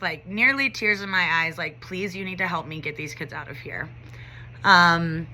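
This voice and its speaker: A woman's voice: medium pitch, sharp tone. A young adult woman teacher telling a story in a casual vlog, talking conversationally with lots of "like" and "you know".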